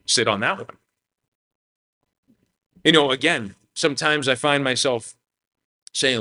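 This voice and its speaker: A man's voice: mid-range voice, slow pace, long pauses, bright, forceful tone. A man, the pastor, giving a conversational sermon to his church, talking casually with lots of "man" and "you know".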